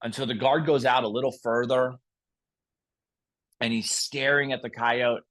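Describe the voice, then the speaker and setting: A man guiding a restorative yoga class and telling a story in a calm, gentle way. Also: mid-range voice, normal speed, long pauses. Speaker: yoga instructor.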